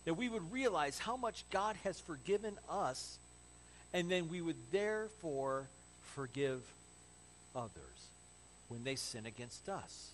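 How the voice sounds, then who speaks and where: A man preaching a sermon in an animated, conversational way with joking asides, as pastor. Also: on the high side, unhurried, a little hiss or hum, rough recording.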